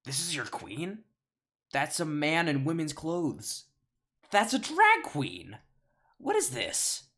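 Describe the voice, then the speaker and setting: Man doing a high, loud, squeaky bee kid for a comedy read, always on edge. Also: sing-song, slow pace, exaggerated voice. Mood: alarmed. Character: young male bee, excitable and panicky.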